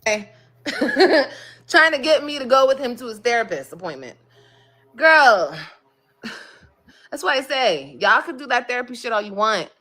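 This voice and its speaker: A woman's voice: a little high, very animated, a little slow, pauses often, pushed and bright. A woman talking casually on a livestream, blunt and heavy on swearing as she vents to her viewers. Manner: blunt and profane, emphatic venting.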